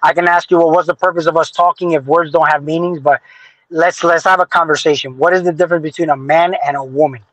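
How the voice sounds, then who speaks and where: Quick, pressing male interviewer. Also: on the high side, fairly even intonation, a bit bright, dry recording, low-quality recording. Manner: pressing, repeats questions. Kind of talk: casual probing conversation.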